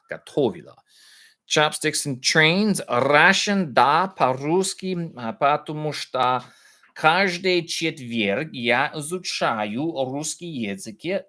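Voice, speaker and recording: A middle-aged English-speaking man with a mid-range, fairly bright voice runs a casual live stream for practicing Russian. He thinks out loud while attempting Russian words, full of fillers and false starts.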